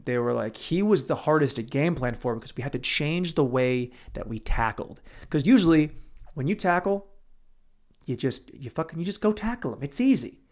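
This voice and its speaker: A young man hosting a solo podcast, telling rambling, profane stories and breaking into sudden loud outbursts. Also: mid-range voice. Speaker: podcast host.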